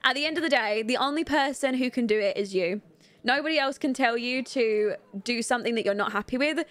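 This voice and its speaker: A young woman streaming a life-sim game, chatting candidly with viewers, rambling with lots of fillers and quick to laugh. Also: a little high. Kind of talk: casual live-stream chat while playing.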